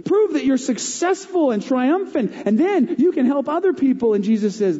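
A middle-aged man preaching a sermon as a pastor, telling stories and swinging between lively and hushed delivery. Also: very high voice, normal speed, slightly rough. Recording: dull, echoey hall.

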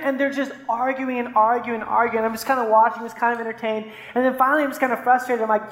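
A man's voice: extremely high pitch, level tone, fast, few pauses, a bit bright. Male pastor, conversational sermon, storytelling, long hall reverb, roomy sound. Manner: conversational preaching with stories, frequent "right?".

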